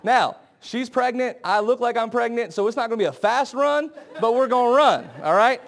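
A man's voice: very high voice, expressive, normal speed, a bit bright. A young man preaching a sermon in an earnest, conversational way, acting out scenes with quoted voices. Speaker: pastor.

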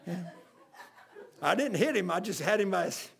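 This is a pastor spinning a comic tale from the pulpit, slipping into the voices of the people he describes. His voice sits high for a man and has a gravelly, rough edge. He talks in a loose, folksy way and laughs often. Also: lively intonation, normal speed. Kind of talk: storytelling sermon.

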